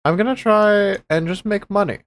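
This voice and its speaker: A man's voice: sits high, moderate pace. A man playing in a tabletop game session, talking casually with swearing and easy laughter. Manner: lively, swearing, laughing easily. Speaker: player.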